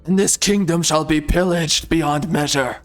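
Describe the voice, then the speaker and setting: A man's voice: on the high side, a little slow, soft background music, lightly acted. A man voicing a pompous, grandiose conqueror king with mock-solemn declarations.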